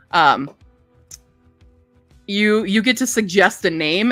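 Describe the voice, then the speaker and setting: A woman's voice: medium pitch, pushed and bright, no echo. A woman hosting a casual livestream, chatting and reading book blurbs aloud. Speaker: book streamer.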